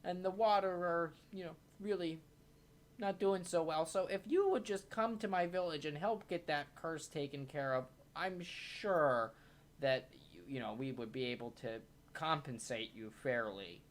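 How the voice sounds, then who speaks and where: A woman's voice: low voice, a little slow. A woman voicing a polite, hesitant young male villager who apologizes and stumbles. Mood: apologetic.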